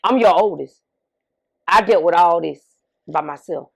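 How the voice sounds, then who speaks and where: A woman's voice: on the low side, measured pace, gravelly, breathy edge. A middle-aged woman talking candidly as an interview guest, emphatic, often repeating herself and asking rhetorical questions. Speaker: interview guest, bereaved mother.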